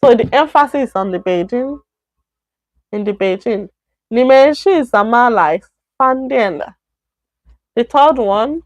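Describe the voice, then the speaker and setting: A woman with a Nigerian accent teaching a beginner Chinese lesson on a live stream, slowly repeating words and correcting herself. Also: fairly high pitch, animated, no room sound.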